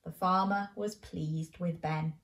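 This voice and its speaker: A woman's voice: fairly low pitch, steady tone, slow, echoey room. A woman hosting a children's show, reading a bedtime story aloud playfully and asking the listener questions.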